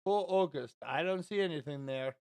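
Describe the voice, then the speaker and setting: Streamer: South African man, slightly high voice, chatty and ranty. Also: moderate pace, a little mellow, smooth, no room sound. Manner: chatty, ranting, playful exaggeration. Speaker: live streamer. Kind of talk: casual live game-stream chat.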